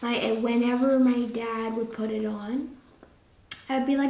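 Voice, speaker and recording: A woman's voice: on the high side, fairly even intonation, measured pace, gravelly, warm tone, echoey room. A woman giving a casual, chatty drawing lesson, rambling into playful asides as she draws. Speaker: drawing teacher.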